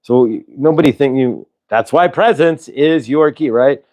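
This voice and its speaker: A man's voice: medium pitch, measured pace, a little mellow. A man hosting a casual livestream, rambling and tagging on "right?" as he talks. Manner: rambling, keeps adding "right?". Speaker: livestream host.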